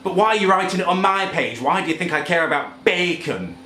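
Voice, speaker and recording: A man's voice: high-pitched, lively intonation, fairly quick, pushed and bright, a little hiss or hum. A man delivering an indignant, pompous comedy rant to camera. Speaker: comedy vlogger ranting in character. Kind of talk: angry rant monologue. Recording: echoey room.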